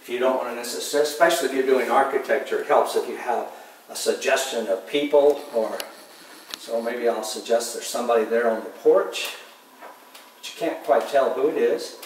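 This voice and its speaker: Man, mid-pitched voice, unhurried painting talk, trails off softly, roomy echo, faint background hum. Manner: soft-spoken, unhurried, often trailing off quietly. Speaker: painting instructor. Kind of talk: relaxed painting demonstration. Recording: distant mic in an echoey room with faint ambience.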